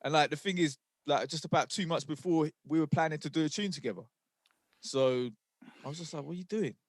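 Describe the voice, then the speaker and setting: A man co-hosting a podcast, recounting things in a laid-back, halting way. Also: on the high side, fairly even intonation, dry recording. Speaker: podcast co-host, rapper. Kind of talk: casual chat.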